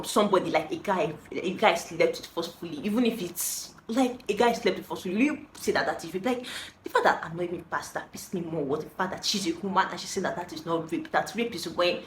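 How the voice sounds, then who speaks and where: A woman tells a story in a casual storytime vlog. Her voice sits a bit low, animated and exasperated. The recording is roomy and echoey, with a faint hiss behind her. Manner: animated, exasperated, laughs between lines. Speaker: vlogger telling a story. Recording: roomy echo with faint noise.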